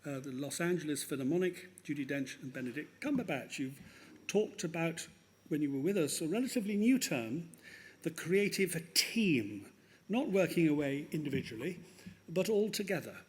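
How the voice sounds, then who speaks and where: A man with a somewhat high voice presents an honorary award at a graduation ceremony. He reads a formal, measured citation and stumbles lightly here and there. He speaks into a podium microphone in a ceremony hall. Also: animated. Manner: measured and formal, with small slips and laughs.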